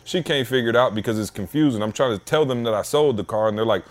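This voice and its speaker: A man's voice: mid-range voice, quick pace, hardly any pauses. A man hosting a podcast from his home basement, telling a long casual story in slangy speech and acting out the voices of the people in it. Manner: animated, slangy storyteller who acts out dialogue. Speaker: podcast host.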